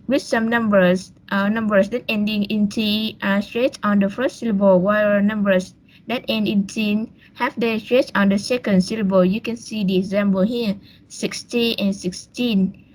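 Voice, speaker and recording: A woman's voice: medium pitch, poor audio. Hesitant young woman presenting. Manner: hesitant, with fillers and restarts. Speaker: student presenter. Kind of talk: online class presentation.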